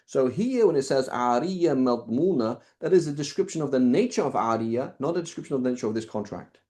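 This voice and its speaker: A man gives a relaxed lesson on Islamic law at a middle pitch. He talks in a chatty, conversational way, keeps checking in with listeners, and acts out short exchanges to illustrate each rule. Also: brisk. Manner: conversational, illustrates points with quoted dialogue and rhetorical "right?". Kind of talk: casual lecture with anecdotes.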